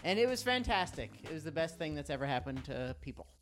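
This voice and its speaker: A man co-hosting a comedy radio show, bantering in a deadpan, playful way. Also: on the high side, fast talker, over music.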